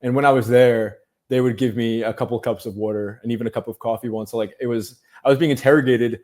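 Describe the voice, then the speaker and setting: A man speaks at an ordinary middle pitch as a podcast guest. He tells his story at length, dropping in "um"s and "you know"s and restarting sentences as he goes. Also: steady tone, fast, darkish tone. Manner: storytelling, many fillers and restarts. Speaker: guest journalist. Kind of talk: casual podcast interview.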